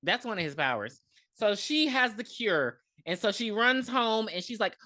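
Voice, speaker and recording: Woman podcast co-host, animated and profane, bright voice. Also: a little high, moderate pace, dry recording, studio quality. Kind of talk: casual movie review chat.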